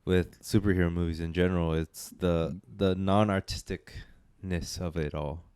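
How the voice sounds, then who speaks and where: A man co-hosts a casual movie podcast, joking and rambling, his energy rising and falling. His voice sits a little low and is smooth and clear. The sound is dry, with no room echo. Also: steady tone, moderate pace, darkish tone. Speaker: podcast co-host. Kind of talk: casual chat.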